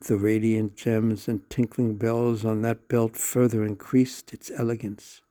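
A man reading a devotional story aloud at a measured pace, with slow pauses and the odd self-correction. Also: lowish voice, flat delivery, warm tone.

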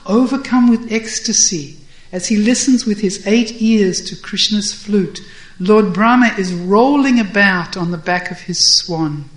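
A woman voicing a calm young male cowherd who explains and gently corrects his friends. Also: medium pitch, measured pace, reverberant, natural voice, rough recording.

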